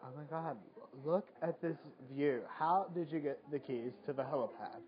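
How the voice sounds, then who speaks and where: A man's voice: fairly high pitch, normal speed, hardly any pauses. A man giving casual, joking live commentary on a stream, slangy and mocking, swearing freely. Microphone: phone mic. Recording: dull lo-fi phone stream audio.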